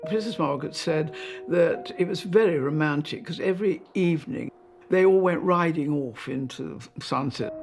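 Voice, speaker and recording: An elderly woman, reminiscing in an interview with chatty anecdotes and soft hesitations. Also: low voice, moderate pace, over music. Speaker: interviewee recalling royal life.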